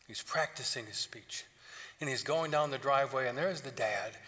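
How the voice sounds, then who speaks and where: A man delivering a sermon in a bright, forward voice, retelling old stories with casual jokes. The sound carries a long church reverb behind his words. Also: medium pitch, moderate pace. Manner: joking, conversational storytelling. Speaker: pastor. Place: church sanctuary.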